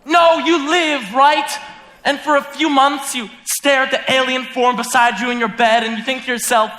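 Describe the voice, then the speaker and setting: A man's voice: very high-pitched, fairly even intonation, moderate pace, sharp tone. A young man playing a lonely theatre lover who talks wistfully to the audience about an old cast record, in a school stage musical. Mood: confiding. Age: young adult. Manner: confiding, wistful, rambling. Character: lonely theatre-loving man narrating from his chair. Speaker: stage actor. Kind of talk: live stage musical acting.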